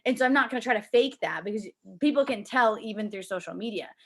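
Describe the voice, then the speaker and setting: A woman's voice: fairly high pitch, fast, slight background noise. Chatty young woman coaching her team. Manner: chatty, lots of "like", animated quoted voices. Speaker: team leader coaching a sales team. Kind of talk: casual motivational talk. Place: at home with a child nearby.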